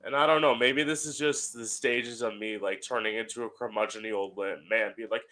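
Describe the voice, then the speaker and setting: A man's voice: lowish voice, fairly even intonation, a little fast, few pauses, pushed and bright. A young man hosting his own podcast from home, talking casually in a chatty, sardonic way and swearing freely. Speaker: podcast host. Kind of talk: casual solo podcast monologue.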